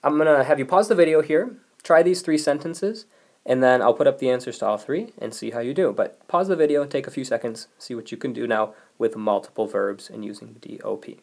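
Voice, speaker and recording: A man's voice: mid-range voice, fairly quick, gravelly. A man teaching a recorded video lesson, explaining rules patiently and reading example sentences aloud. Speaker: language teacher.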